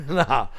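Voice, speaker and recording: Male podcast co-host, slightly high voice, laid-back banter. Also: a bit bright. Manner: laid-back, laughs often, says bro and dude. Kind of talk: casual wrestling chat.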